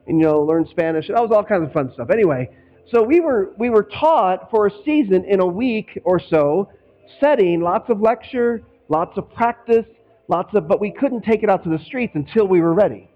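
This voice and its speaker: A man's voice: high voice, expressive, normal speed, dull audio. A man preaching as a pastor in a conversational way, from Northwest Indiana, slipping into quoted voices now and then. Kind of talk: sermon.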